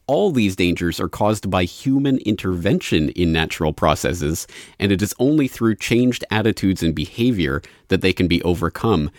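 A man hosting an interview, speaking in an articulate, measured and analytical way. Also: low voice, lively intonation, no room sound, clean studio sound. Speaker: host. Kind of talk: interview discussion.

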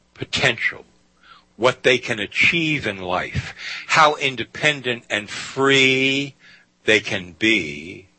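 A man's voice: on the low side, pushed and bright, slightly rough, dry recording, poor audio. A man hosting a talk radio show, speaking emphatically and often saying "you see". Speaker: guest radio host.

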